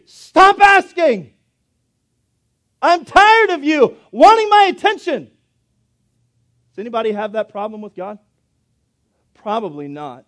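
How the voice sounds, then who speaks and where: A high-voiced man in his thirties preaches a sermon as pastor. He drops into quiet, confiding asides and then climbs into loud, emphatic preaching.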